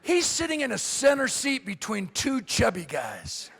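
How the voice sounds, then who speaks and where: A middle-aged man speaks from the stage as a motivational speaker, his voice pitched high for a man and gravelly at the edges. He moves his keynote along with comic storytelling and plays out the other people in quick quoted voices. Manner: animated, acts out characters in quoted voices. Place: convention hall.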